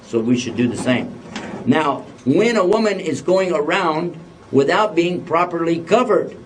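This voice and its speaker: A man's voice: on the high side, lively intonation, a little slow. A man giving an Islamic lecture to a live audience, joking and putting questions to the listeners. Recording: voice a bit distant from the mic.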